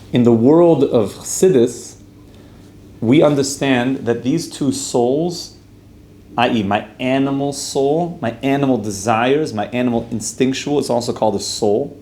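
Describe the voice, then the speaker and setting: A man's voice: mid-range voice, unhurried, a little mellow. A man teaching a casual religious class, asking his group questions and talking in a loose, chatty way. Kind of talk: casual Torah class with storytelling. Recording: roomy echo, faint room noise.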